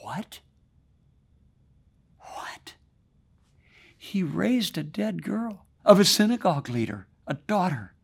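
A man preaching a sermon, paraphrasing scripture and swinging between loud emphasis and hushed drops. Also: high voice. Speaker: pastor.

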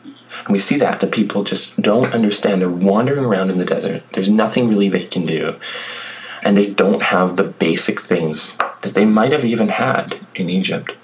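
A man's voice: lowish voice, moderate pace, slight background noise, poor audio. A man preaching a sermon, reading scripture aloud and then reflecting on it in a conversational way with asides to the congregation. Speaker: pastor.

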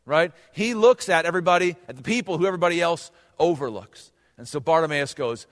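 A man's voice: a little high, lively intonation, fairly quick, hardly any pauses, fairly bright tone. Male pastor preaching in a reverberant hall. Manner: conversational preaching, addresses the congregation directly. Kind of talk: sermon. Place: church hall with congregation.

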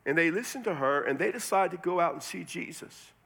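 Bright-voiced man preaching casually. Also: a little high, lively intonation, fairly quick, gravelly, slightly rough. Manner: conversational, joking preaching with sudden emphatic drops. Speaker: pastor. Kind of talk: sermon.

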